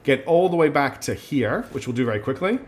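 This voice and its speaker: A man's voice: medium pitch, expressive, a little fast. Chatty male gamer narrating play. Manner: chatty, many ums and restarts, apologetic asides. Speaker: streamer playing a video game. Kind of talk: casual gameplay commentary, reading dialogue aloud.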